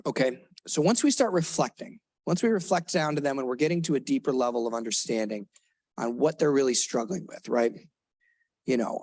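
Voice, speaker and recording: A man's voice: medium pitch, expressive, brisk, a little mellow, slightly rough, dry recording. A man speaking as a therapist in a live workshop for parents, earnest and conversational, now and then acting out what kids and parents say. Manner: earnest, conversational, acts out kid and parent lines. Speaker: therapist giving a parenting talk. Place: lecture room with an audience.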